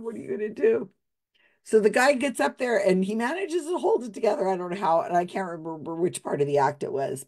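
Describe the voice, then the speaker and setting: A woman's voice: lowish voice, creaky, darkish tone. Chatty woman telling a story with laughs. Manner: laughs often, many restarts and asides. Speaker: storyteller sharing a memory. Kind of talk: casual anecdotal storytelling.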